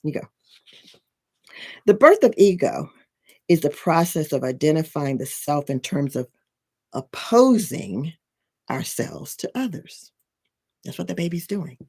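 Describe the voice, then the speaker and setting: A husky-voiced spiritual and life coach teaches in a loose, conversational way. The talk rambles with restarts and constant "right?" check-ins, at a middle pitch. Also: sing-song, unhurried, pauses often, darkish tone. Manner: rambling, full of restarts and tag questions.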